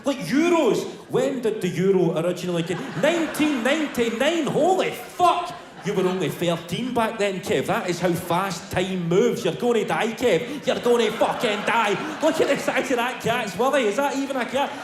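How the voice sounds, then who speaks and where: A Scottish man of around forty doing stand-up comedy, telling animated, sweary stories and slipping into other people's voices. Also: high voice, normal speed, a little hiss or hum. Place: comedy venue stage with a live audience. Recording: echoey live venue, loud crowd laughter.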